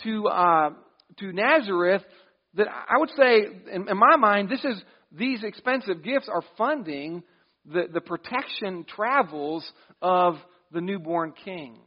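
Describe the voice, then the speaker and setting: A man with a notably high voice preaches a sermon as pastor. He talks conversationally, restarting phrases and slipping into quoted asides. The sound is dull and lo-fi. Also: expressive, unhurried.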